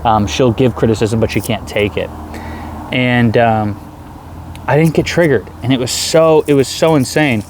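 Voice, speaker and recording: A man in his thirties, talking earnestly in a rambling personal video diary, with many halting restarts. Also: mid-range voice, a little hiss or hum. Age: 30s. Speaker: vlogger.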